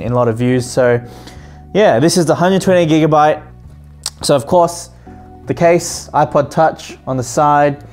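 A man hosting his own tech channel, narrating an unboxing in a casual, excited way, often pausing on um and correcting himself mid-sentence. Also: mid-range voice. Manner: excited, chatty, often pauses with um and self-corrections. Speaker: tech video host.

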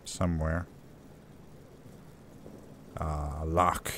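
This let's play gamer speaks extremely slowly in a bass voice that's level and a bit bright, over slight hiss or hum. He jokes his way through a horror game, reading its in-game notes out loud.

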